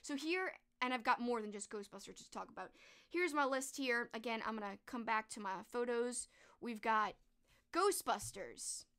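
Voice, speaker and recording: A woman's voice: a little high, normal speed, sharp tone, smooth. A young woman with a slightly raised voice talks casually into a desk mic during a live stream. She is chatty and enthusiastic, gushes over what she loves and often restarts her sentences. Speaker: streamer and horror book host.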